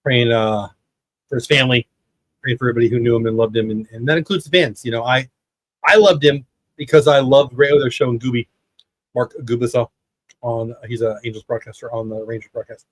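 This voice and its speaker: A man's voice: medium pitch, steady tone, a little fast. Man, 50s, livestream host; casual, rambling commentary, dry un-roomy mic. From United States. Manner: rambling, chatty, reads chat aloud. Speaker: livestream watch party host. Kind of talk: casual live baseball commentary.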